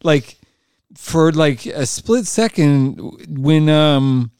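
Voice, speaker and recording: A man's voice: a little high, lively intonation, takes it slowly, darkish tone, smooth, no room sound, studio quality. A man hosting a podcast in casual chat, talking loosely with lots of filler words. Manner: chatty, lots of "like" fillers, laughs easily. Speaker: podcast host.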